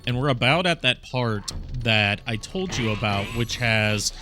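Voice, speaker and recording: A man's voice: mid-range voice, lively intonation, measured pace, music in the background. A man hosting a game stream, chatting casually and rambling with frequent laughs. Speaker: streamer host.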